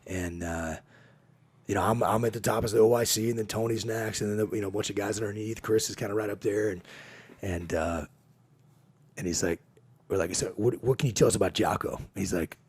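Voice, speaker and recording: Male podcast guest, husky lower voice, lively storyteller who acts out quotes. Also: brisk, pauses often. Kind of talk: casual storytelling conversation.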